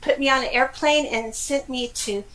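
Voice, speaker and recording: A middle-aged woman from California with a high voice tells her own story in an interview. She talks in a lively, animated way, with frequent laughs and exclamations. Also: normal speed, poor audio. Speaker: guest. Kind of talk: casual personal storytelling.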